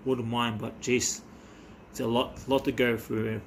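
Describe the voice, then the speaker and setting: A man talking casually as a vlogger while opening trading cards, excitable and chatty with quick bursts of delight. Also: medium pitch, gravelly, a little hiss or hum. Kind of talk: casual chat.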